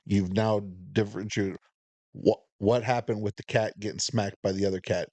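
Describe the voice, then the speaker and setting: Low-voiced man, dry close mic. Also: steady tone, moderate pace, a little mellow, dry recording. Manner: interjecting, steering the story. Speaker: podcast co-host. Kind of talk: casual chat.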